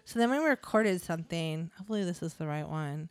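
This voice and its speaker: A woman's voice: on the low side, expressive, brisk, slight background noise. A woman co-hosting a podcast, chatting casually and telling stories with animation. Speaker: podcast co-host. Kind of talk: casual chat.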